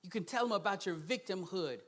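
This man's voice sits high and moves fairly quickly as he preaches as a guest. He alternates hushed side remarks with loud, emphatic bursts and laughs a lot.

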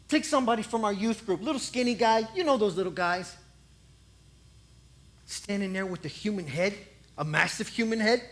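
A preacher telling a Bible story in an animated, conversational, jokey way. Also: mid-range voice. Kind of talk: comic sermon storytelling.

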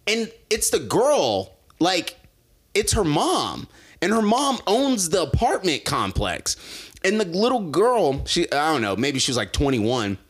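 Animated laughing man telling stories. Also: on the high side, measured pace, breathy edge. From Los Angeles area. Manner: animated, laughs often, acts out voices in stories. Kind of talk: casual storytelling chat.

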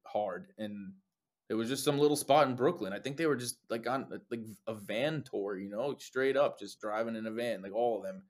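A young man, a lead singer, chatting casually as an interview guest, an animated storyteller who swears often and acts out what people said. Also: mid-range voice. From New Jersey.

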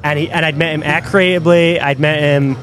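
A man's voice: on the high side, fairly quick. A man with a British accent, chatting casually as a podcast co-host and telling self-mocking stories. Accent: British English. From Britain. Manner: lively storyteller, self-mocking. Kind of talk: casual chat.

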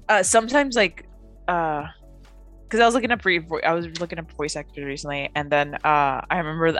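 A young woman talks casually in a slightly low voice. She rambles, stacks up fillers and giggles often. Soft music plays faintly behind her. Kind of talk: casual chat.

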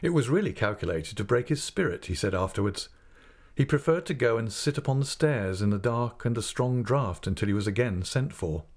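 With a medium-pitched voice, this audiobook narrator performs a classic novel aloud. His scripted delivery is measured and expressive, very much a storyteller's.

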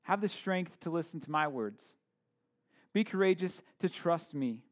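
A man's voice: fairly high pitch, expressive, a little slow. A man in his thirties preaching a casual sermon, informal, with joking asides and many fillers and restarts. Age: 30s. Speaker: pastor.

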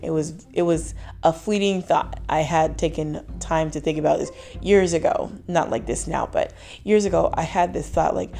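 A woman hosting a casual faith talk show, reflective and quick to laugh, acting out the lines she quotes. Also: on the low side, creaky, mellow. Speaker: podcast host.

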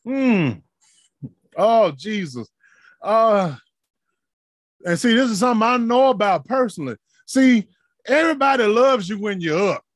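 Unhurried yet animated, a man preaches a fervent sermon with long pauses, his unusually high voice surging to shouts before falling to murmurs. The recording is close and dry, without any room sound.

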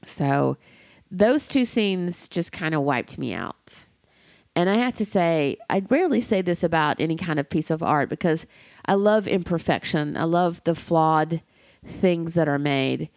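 Outspoken woman chatting on a podcast, swears a bit, low-ish voice, dry sound. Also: lively intonation, unhurried, a little mellow, dry recording. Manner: candid and emphatic, swears freely. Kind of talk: casual discussion.

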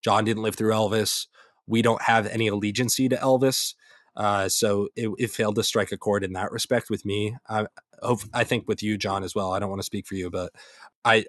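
Casual young male podcast co-host, low voice, loose rambling delivery, dry booth sound. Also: a bit bright, no echo. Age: young adult. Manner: rambling, self-correcting, laughs easily. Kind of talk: casual film review chat.

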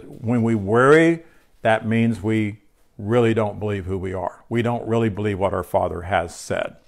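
A man teaching a spiritual lesson from his home, speaking conversationally with fillers and restarts, and sounding tired. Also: medium pitch. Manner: conversational, with fillers and self-corrections. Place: home room.

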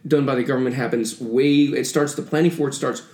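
Male guest, mid pitch, rambling explainer, roomy echo. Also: fairly even intonation, fast talker, darkish tone. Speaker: guest journalist. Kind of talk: casual podcast chat.

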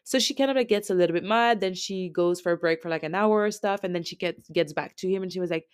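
A woman's voice: lowish voice, quick pace, hardly any pauses, smooth, dry recording, studio quality. A woman podcast host with a French accent, rambling through a casual recap full of filler words. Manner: rambling, chatty, heavy use of filler words.

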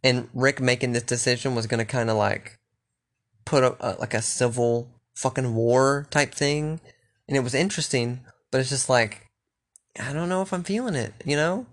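A man's voice: mid-range voice, normal speed. A young man chatting casually and rambling, swearing freely and restarting his sentences often. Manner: loose, profane, rambling with restarts.

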